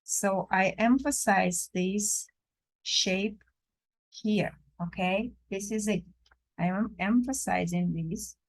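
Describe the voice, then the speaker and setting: Slow, gentle woman teaching drawing. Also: mid-range voice, poor audio. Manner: slow, gentle, non-native phrasing with many pauses. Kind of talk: live drawing lesson. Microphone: camera while drawing at a table.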